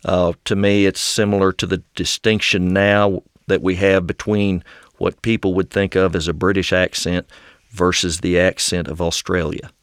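A man with a West Texan accent, polite and deliberate, answering a questioner with a courteous "yes, sir". His voice sits low, and the sound is close and dry. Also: flat delivery, clear, resonant tone, dry recording. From Amarillo, Texas. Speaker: audience questioner. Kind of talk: conversational Q&A. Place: barn.

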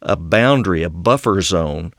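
Low-voiced West Texan man. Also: lively intonation, vocal fry, fairly bright tone, no echo, studio quality. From Amarillo, Texas. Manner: polite, deliberate, says "yes, sir". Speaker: audience questioner. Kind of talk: conversational Q&A. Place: barn.

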